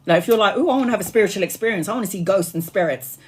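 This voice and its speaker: A woman's voice: medium pitch, racing, husky. Woman, tarot streamer, loose chatty storyteller, swears, laughs a lot, worn out from a long stream. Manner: chatty and animated, laughs often, swears freely. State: tired after hours live. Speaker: tarot reader streaming live. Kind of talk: casual live-stream chat.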